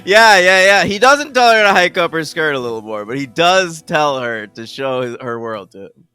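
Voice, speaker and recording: A man co-hosting a film podcast in casual, animated chat with a lot of swearing. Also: a little high, moderate pace, clear, resonant tone. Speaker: podcast co-host.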